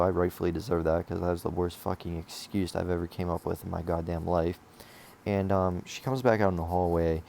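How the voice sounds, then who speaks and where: A man's voice: low-pitched, vocal fry, dark tone, slight background noise. A young man telling a casual storytime, rambling and swearing with lots of fillers and restarts. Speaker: vlogger telling a school story.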